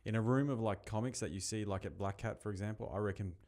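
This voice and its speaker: A man's voice: fairly low pitch, fast, darkish tone. A man hosting a podcast in casual chat, encouraging and swearing casually. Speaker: podcast host.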